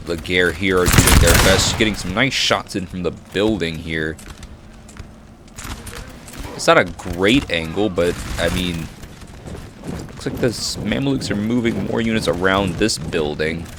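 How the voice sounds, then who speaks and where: A man giving casual, excitable commentary over a strategy game battle, reacting with frequent exclamations. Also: sits low, measured pace, long pauses. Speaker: gaming commentator. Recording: noisy with battle sounds behind. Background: gunfire and battle noise from the game.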